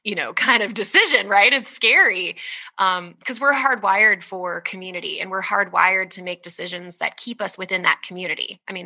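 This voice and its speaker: Bright-voiced, animated woman guest. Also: fairly low pitch. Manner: animated and candid, laughs often, peppers talk with "like" and "right?". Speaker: interview guest, author. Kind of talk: conversational interview talk.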